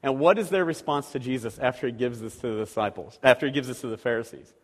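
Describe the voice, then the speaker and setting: A pastor preaches to his congregation in a conversational style, posing rhetorical questions and animatedly acting out the voices he quotes. His voice is medium-pitched and quick, with the long reverb of a large hall.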